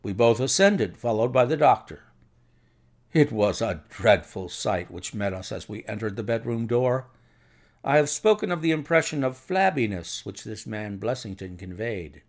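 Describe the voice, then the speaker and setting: A man narrating a classic detective story in a measured, expressive reading. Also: on the low side. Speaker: audiobook narrator. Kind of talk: scripted narration.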